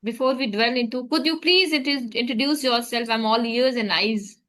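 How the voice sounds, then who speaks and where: A woman's voice: on the high side, normal speed, fairly bright tone. A young woman hosting a casual English conversation practice, chatty and often restarting her sentences.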